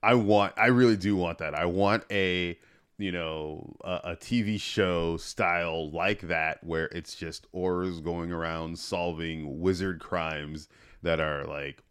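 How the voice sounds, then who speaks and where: A man co-hosting a podcast, blunt and swearing, who gets excited about his picks. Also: sits low, slow pace, smooth. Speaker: podcast co-host. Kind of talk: casual chat.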